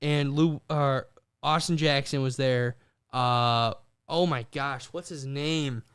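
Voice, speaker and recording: A young man co-hosting a podcast, telling stories in animated bursts with quick restarts. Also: medium pitch, clear, resonant tone. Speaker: podcast co-host. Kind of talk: casual chat.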